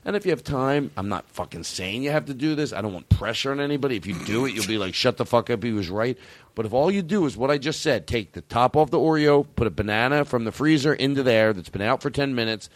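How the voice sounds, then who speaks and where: A man hosting a comedy podcast, ranting in a profane, excitable, rambling way. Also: medium pitch, fast talker, few pauses, no echo. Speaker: podcast host. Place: podcast studio.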